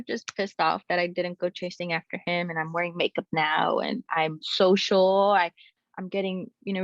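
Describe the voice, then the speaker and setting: A young adult woman telling a personal story as a guest, in a candid and animated way with many casual fillers. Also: lowish voice, gravelly, no room sound. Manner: animated, frequent "like" and "you know" fillers. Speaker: guest sharing her story. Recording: slightly muffled, dry recording.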